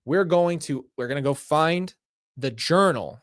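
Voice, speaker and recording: Guy streaming, reading a spooky mystery story out loud, gets all hyped and laughs, dry mic. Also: on the high side, a little slow, no room sound. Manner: excitable, laughing and reacting between read passages.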